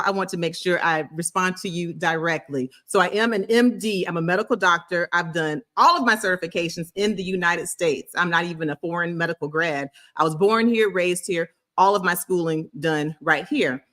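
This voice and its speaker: A woman's voice: mid-range voice, fairly bright tone. A middle-aged woman doctor from the US South, hosting a casual medical video and answering a commenter in an emphatic, sassy way. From Florida, US South.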